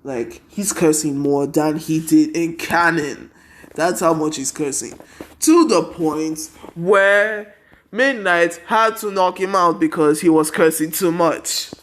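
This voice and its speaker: A man's voice: fairly high pitch, slow, a bit bright. A tired young man casually narrating a fan story, rambling with constant 'and then' and 'he's like'.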